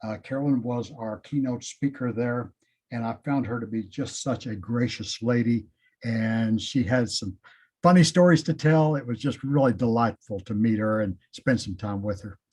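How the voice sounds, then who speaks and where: A man giving slow, hesitant remarks over a video call, with many fillers. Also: medium pitch, darkish tone, slightly rough.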